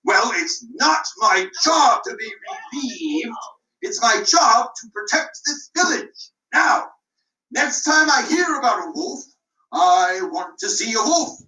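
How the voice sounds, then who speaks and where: A woman's voice: on the high side, lively intonation, sharp tone, roomy sound, recorded from a distance, full character voice, low-quality recording. A woman voicing a pompous, stern male village police officer who speaks in a blustery, indignant way, in a puppet show. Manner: blustery and indignant, slow deliberate speech.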